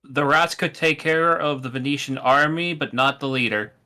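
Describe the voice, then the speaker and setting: A man's voice: medium pitch, normal speed, pushed and bright. A man playing a tabletop game, talking casually with some stammered restarts. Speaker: player.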